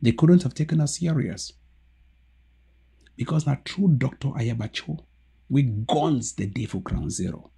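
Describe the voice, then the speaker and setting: Man with a Cameroonian Pidgin accent ranting on politics, husky voice, swings wildly in pitch. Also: animated, measured pace, long pauses. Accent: Cameroonian Pidgin English. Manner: switches between loud shouting outbursts and low muttering. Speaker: political commentator. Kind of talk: impassioned political rant. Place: home TV studio setup.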